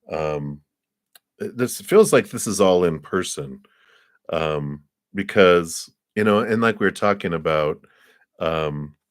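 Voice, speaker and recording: A man's voice: sits low, dry recording, clean studio sound. A man giving a live tarot card reading in a casual, chatty way, laughing often and acting out little scenes. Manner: acts out little scenes in quoted voices.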